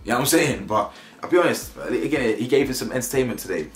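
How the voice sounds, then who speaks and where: A young man, recapping a reality show episode in casual, animated, slang-heavy banter with mocking impressions. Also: mid-range voice, fast talker, roomy sound.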